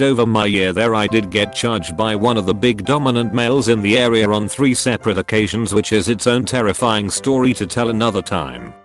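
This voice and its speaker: A man with a fairly low voice reads online stories aloud in a steady, even narration. Faint music plays softly behind him. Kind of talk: scripted narration.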